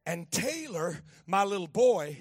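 A husky-voiced man in his fifties preaches a storytelling sermon, his pitch sitting high and swinging widely at a measured pace. He talks to a child beside him, repeating phrases as he builds to shouting.

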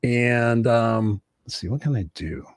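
A man's voice: medium pitch, measured pace, no room sound, clean studio sound. A man co-hosting a casual livestream chat, joking around and reading out viewer comments. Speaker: co-host.

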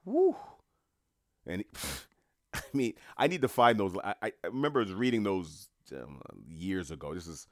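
A man's voice: low voice, lively intonation, moderate pace, no echo, studio quality. A middle-aged man talking casually to his viewers in a rambling, musing way with mocking asides. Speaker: commentator.

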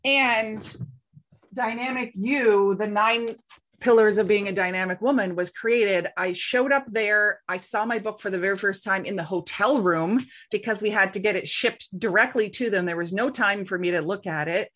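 As a guest in an interview, a middle-aged woman shares a story in a casual, lively manner, imitating the voices she quotes. She speaks at a normal speed with a medium-pitched voice.

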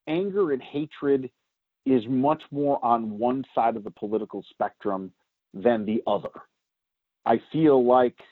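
A man co-hosting a political podcast, talking loudly and emphatically, getting louder when he is excited. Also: mid-range voice, no echo. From United States. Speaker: podcast co-host. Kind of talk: opinionated political podcast talk. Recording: tinny phone-like sound.

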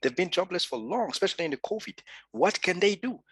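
A man's voice: high-pitched, quick pace, slightly rough, dry recording. A man from Gabon in his thirties, a podcast guest talking in a casual interview and acting out the lines he quotes. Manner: animated storyteller, acts out quoted dialogue.

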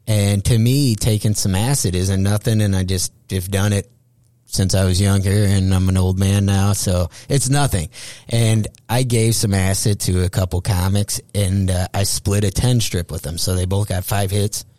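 A middle-aged stand-up comedian with a low voice tells stories in a casual podcast chat, speaking at a moderate pace. He swears often and animatedly acts out what people said. There is no room sound.

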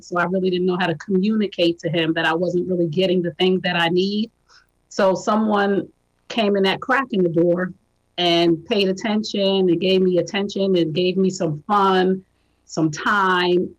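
A woman's voice: on the low side, poor audio. A woman guest on a podcast giving a candid, reflective account of her own past.

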